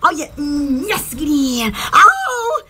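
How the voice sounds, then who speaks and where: A woman hosting her own channel, chatting in a rambling, excited way and gushing over everything. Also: high-pitched, slow. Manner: gushing, lots of "oh my gosh". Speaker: channel host. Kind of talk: rambling excited vlog chat.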